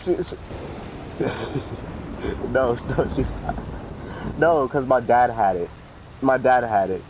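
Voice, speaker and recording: A man's voice: mid-range voice, slow, noisy background. A young man casually telling a rambling, profanity-laced story while playing a game. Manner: profane, rambling, full of fillers. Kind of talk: casual storytelling during gameplay.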